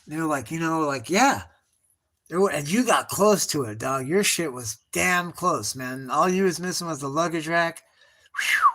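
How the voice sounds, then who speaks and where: A man's voice: on the high side, normal speed, sharp tone. A middle-aged man streaming himself drawing, telling rambling nostalgic stories in profane slang and calling his listener bro and dog. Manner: nostalgic storytelling, trailing off and restarting. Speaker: artist streaming live. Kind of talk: rambling casual monologue.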